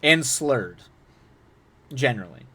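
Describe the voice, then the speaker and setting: A man's voice: mid-range voice, animated, takes it slowly, sharp tone. A young man reading a viewer's story aloud on a live stream, breaking off to chat about the writing in a loose, rambling way. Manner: chatty, frequent restarts and laughs between passages.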